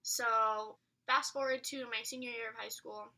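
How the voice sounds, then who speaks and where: A young woman tells a story in a chatty vlog, her voice fairly high and very bright. She leans on fillers and sometimes sinks to a whisper. She sounds a little distant from the mic. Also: steady tone, a little fast. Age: young adult. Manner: chatty, filler-heavy, drops to a whisper at times. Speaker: vlogger. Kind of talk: casual storytelling.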